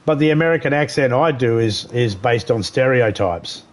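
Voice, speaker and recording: While gaming on a live stream, this man keeps up profane, rambling small talk that loops back over the same points. He sounds animated, with a medium pitch and normal speed.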